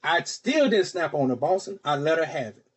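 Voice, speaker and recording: A man with a slightly rough, somewhat high voice at normal speed hosts a podcast. Chatting casually, he tells a long personal story with animation and acts out the quoted voices.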